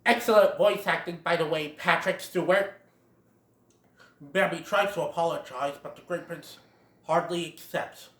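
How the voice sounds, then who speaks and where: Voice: medium pitch, a little slow, a bit bright, roomy sound. A film reviewer retelling a plot in a casual, chatty way, laughing along. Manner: chatty, laughs at own jokes.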